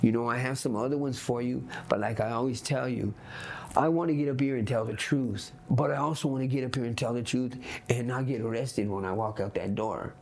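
Gravelly man with Los street talk. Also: mid-range voice, fairly even intonation, a little fast, darkish tone. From Los Angeles. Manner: blunt, profane street talk, keeps asking "you know what I mean". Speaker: interviewee. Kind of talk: candid storytelling interview.

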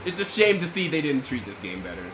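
A young man giving profane, sarcastic gameplay commentary, swinging from muttered gripes into shouting and laughter. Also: a little high, very animated, quick pace, background noise. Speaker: gaming commentator.

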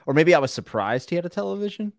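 A man hosting a casual podcast chat, joking and laughing often, his voice trailing off quietly at the ends of lines. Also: a little high, sing-song, very fast, gravelly, dry recording, studio quality. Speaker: podcast host.

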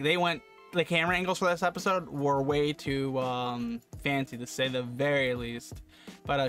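A young man casually reviewing an anime episode, excitable and slangy, often saying dude and bro. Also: fairly high pitch. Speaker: anime reaction youtuber.

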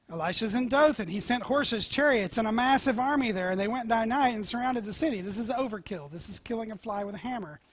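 A male pastor preaching a sermon, telling scripture stories with animated swings from loud to whispered. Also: high-pitched, normal speed. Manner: animated storytelling, dropping to near-whispers.

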